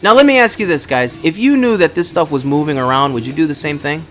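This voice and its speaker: A man's voice: on the high side, fast talker, a bit bright, faint music behind. A man co-hosting a casual movie commentary podcast, telling stories and asking the group questions. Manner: storytelling, asks the group questions. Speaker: podcast co-host.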